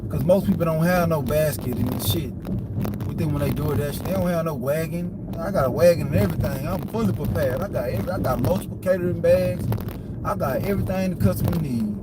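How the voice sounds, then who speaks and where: A delivery driver talking in heated, profane casual chat, repeating himself as he complains. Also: fairly high pitch. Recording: heavy background noise.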